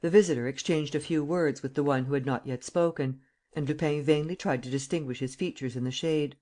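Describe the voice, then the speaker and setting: An audiobook reader narrating a classic detective novel in a measured, even way. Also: medium pitch.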